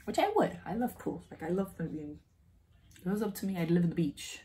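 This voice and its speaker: Woman, young adult, home vlog, lower voice, animated, chewing while talking. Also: fairly quick, slight background noise. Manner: animated, acts out quoted dialogue, laughs often. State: sick. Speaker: beauty vlogger. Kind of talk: casual storytelling.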